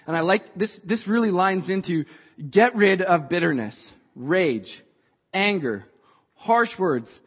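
A woman preaching a sermon to a church, passionate and rising to shouts. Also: low voice, slightly rough. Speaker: church speaker. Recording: dull sound in a reverberant hall.

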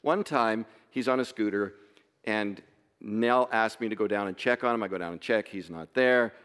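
A man telling a family story in a casual way, emotional and halting, with many restarts. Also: lowish voice, fairly bright tone, clear, resonant tone, long reverb tail.

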